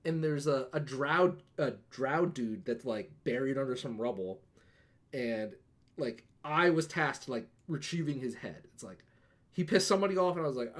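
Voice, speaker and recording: Animated, swearing gaming podcast man. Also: medium pitch, normal speed. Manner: animated storyteller, swears freely, acts out dialogue. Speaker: podcast co-host. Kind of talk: casual gaming podcast chat.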